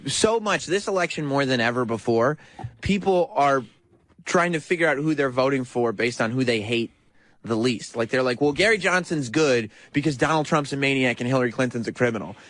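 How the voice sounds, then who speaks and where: A man's voice: mid-range voice, fairly quick, fairly bright tone, no echo. A man hosting a radio talk show, sardonic and argumentative, often laughing at his caller. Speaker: radio host.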